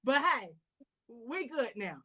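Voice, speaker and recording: A young woman hosting a casual interview show in a chatty, animated way, acting out little quotes as she tells stories. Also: on the high side, slow, a crowd in the background. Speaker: host.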